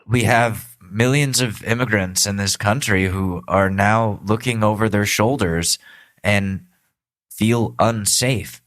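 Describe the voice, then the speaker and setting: A man's voice: lowish voice, fairly bright tone, no room sound. A man hosting a podcast, ranting sarcastically with lots of swearing in a comedic political monologue. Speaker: podcast host.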